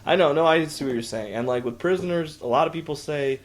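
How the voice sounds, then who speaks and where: A man's voice: fairly high pitch, quick pace, a little hiss or hum. A man co-hosting a podcast, chatting casually and enthusiastically about films and laughing often. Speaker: podcast co-host. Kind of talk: casual film review chat. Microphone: podcast microphone.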